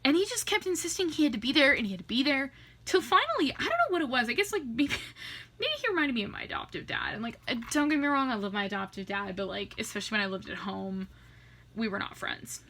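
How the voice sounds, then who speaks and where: A woman's voice: sits high, animated, fast talker, bright, forceful tone, slight background noise. Tipsy, foul-mouthed woman rambling through a story. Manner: profane, rambling, laughs often. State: tipsy from drinking. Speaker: makeup artist vlogger.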